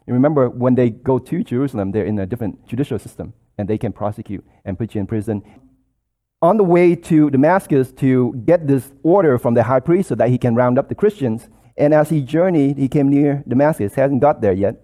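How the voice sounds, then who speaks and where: A man's voice: mid-range voice, brisk, mellow. A man preaching a sermon, explaining scripture in an earnest, explanatory way and quoting verses.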